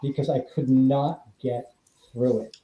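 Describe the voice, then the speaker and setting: Speaking unhurriedly in a medium pitch, this actor-author from California is a guest in a relaxed interview. He tells his stories with animation, performing the quoted voices himself, over dull, roomy remote audio.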